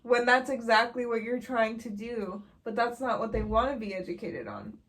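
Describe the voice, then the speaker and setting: Woman friend, casual chat, supportive sidekick, slightly high voice. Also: lively intonation, normal speed, fairly bright tone, low-quality recording. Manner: supportive, chiming in.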